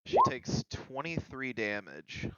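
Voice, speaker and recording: A woman's voice: extremely low pitch, very animated, slow pace, lo-fi sound, very noisy. A woman playing a tabletop game, chattily announcing healing rolls and spells.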